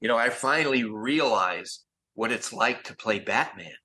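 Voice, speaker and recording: An older man doing an impression of his slow-talking co-star, a deep-voiced, self-important male TV hero. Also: animated, pushed and bright, low-quality recording. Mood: grandiose.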